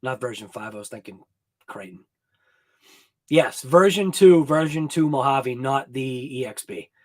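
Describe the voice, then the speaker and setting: A man hosting a live hobby show, chatting casually with viewers in a rambling, excited way and laughing often. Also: mid-range voice, a little slow. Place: home garage workshop.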